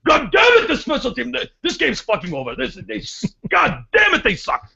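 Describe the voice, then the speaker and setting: A man putting on the voice of a foul-mouthed, angry middle-aged football fan who yells and curses at the TV. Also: very high voice, wildly swooping pitch, fairly quick, creaky, breathy edge, lo-fi sound, voice pushed up, exaggerated voice. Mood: ranting. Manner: shouting, cursing at the TV.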